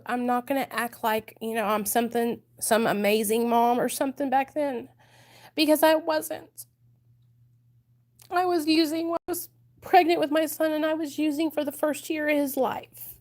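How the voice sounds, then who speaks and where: A woman vlogger from the United States talks straight to her viewers in a confessional vlog. Her voice sits a little high. She speaks openly and with emotion. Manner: candid, emotional, addresses viewers directly.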